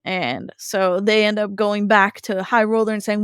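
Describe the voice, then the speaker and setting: During a casual podcast chat, a woman co-host summarizes a cartoon episode, bringing it to life with animated storytelling and quick character impressions. She speaks at a moderate pace with a medium-pitched, clear, resonant voice in a dry studio-quality recording.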